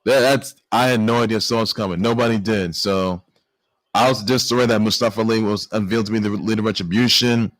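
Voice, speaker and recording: A man hosting a sports news show, talking excitedly and stammering through restarts and exclamations. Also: on the low side, quick pace, no room sound. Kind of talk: casual sports news commentary.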